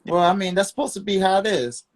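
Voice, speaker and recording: A man with a somewhat high voice talks through his ideas in a relaxed talk-show chat. He is reflective and rambling, laughing often and leaning on "like" between thoughts. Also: fast. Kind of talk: candid casual chat.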